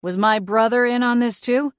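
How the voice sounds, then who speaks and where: A woman's voice: a little high, fairly even intonation, normal speed, clear, resonant tone, no echo, clean studio sound, natural voice. A woman voicing an angry, betrayed young man in an audiobook, with urgent, accusing questions. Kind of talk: audiobook character voice.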